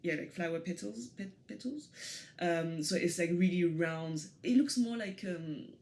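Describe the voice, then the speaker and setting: A woman's voice: on the low side, measured pace, darkish tone, a little hiss or hum. A woman with a French accent, chatting as an interview guest, hesitant and full of restarts. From France, Paris suburbs. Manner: hesitant, many fillers and restarts, laughs easily. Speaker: guest photographer. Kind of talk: casual interview talk.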